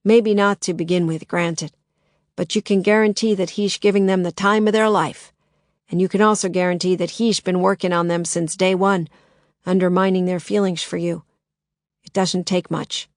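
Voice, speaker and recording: A woman voicing a thin, saturnine male private detective in a storybook, with a dry, creaky Minnesota accent and a slight lisp, calm and persuasive. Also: on the low side, moderate pace, no echo, close to an everyday voice. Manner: calm, knowing, gently persuasive.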